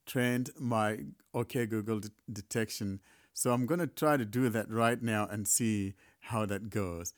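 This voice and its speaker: A man hosting a casual spoken tech demo, relaxed and chatty, laughing when things go wrong. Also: on the low side. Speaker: host recording a tech demo.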